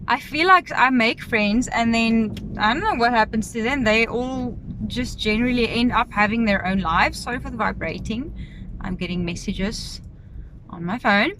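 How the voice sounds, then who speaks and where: A woman's voice: on the high side, normal speed, a bit bright, a little hiss or hum, low-quality recording. A woman with a South African accent chatting openly on a casual vlog from her car, emotional and rambling with many restarts. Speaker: vlogger. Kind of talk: casual confessional vlog while driving.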